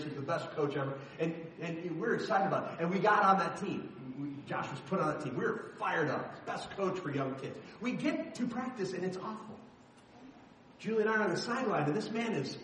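A man's voice: high voice, expressive, normal speed, a little hiss or hum. A middle-aged man preaching a sermon, telling a story in an emphatic, dramatic way. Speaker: pastor. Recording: echoey hall from far off.

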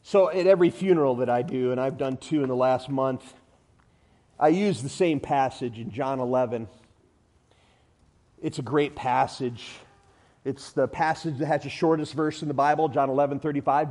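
Preaching emphatically, a man alternates between thunderous statements and hushed moments, drawing on ordinary-life illustrations and jokes. His pitch runs on the high side.

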